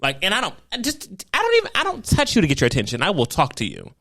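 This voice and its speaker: A man in casual podcast banter, his pitch jumping around as he acts out scenes with blunt, theatrical flair. The sound is dry and close, with no room behind it. He swears freely and never holds back. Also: fast talker, no room sound. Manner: animated, theatrical storytelling with acted-out reactions. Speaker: podcast co-host. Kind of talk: casual chat.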